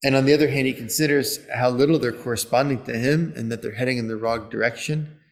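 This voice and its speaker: A man preaching in an earnest, conversational way and now and then praying aloud. His voice sits at an ordinary pitch for a man. It carries a long reverb that lingers in a church. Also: fairly even intonation, quick pace. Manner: earnest, conversational preaching with prayers addressed to God. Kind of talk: sermon with spoken prayer.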